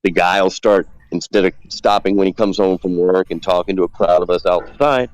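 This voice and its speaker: A man with a low voice tells a winding story, slipping into the voices of the people he quotes. The sound is dry and close, with no room around it. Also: fairly even intonation, brisk, clean tone, dry recording, rough recording. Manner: rambling, acts out quoted dialogue. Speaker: guest calling in. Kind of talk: casual storytelling.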